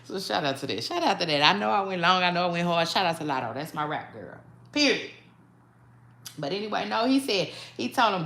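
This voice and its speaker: Woman, gossip vlogger, chatty, animated, fillers and restarts. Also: lowish voice, a little fast, gravelly. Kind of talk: casual celebrity gossip commentary.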